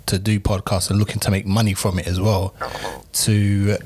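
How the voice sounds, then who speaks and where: A man on a podcast, giving measured, thoughtful opinions in casual talk. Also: fairly low pitch, level tone, a little mellow, breathy edge. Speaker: podcast co-host.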